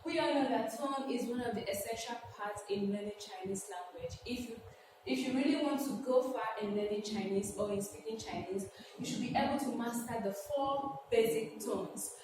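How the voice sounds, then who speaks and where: A woman's voice: a little high, normal speed, background noise. A woman teaching a Chinese language lesson, patiently repeating key phrases and asking viewers to repeat them. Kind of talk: classroom-style lesson. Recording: echoey hall from a distant mic.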